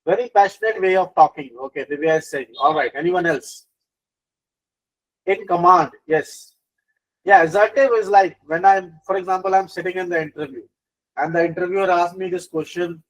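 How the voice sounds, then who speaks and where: A middle-aged male instructor gives a live online lecture on business communication, with a voice a little higher than usual. He talks in an animated way, circles back over his points, and fills pauses with frequent fillers. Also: rough recording. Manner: animated lecturing, with many fillers and repeated phrases.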